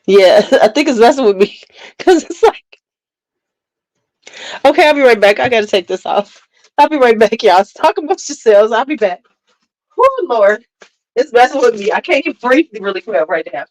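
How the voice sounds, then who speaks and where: A woman casually chatting to viewers while she reviews a fragrance on a livestream, in an unhurried, talkative way. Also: fairly high pitch, very animated, a little mellow, no echo, low-quality recording. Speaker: beauty content creator.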